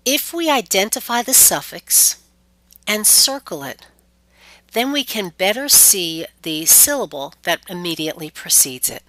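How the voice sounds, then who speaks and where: A woman teaching pronunciation in a clear, deliberate scripted lesson, stretching out example words. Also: mid-range voice, big pitch swings, bright, forceful tone, no echo.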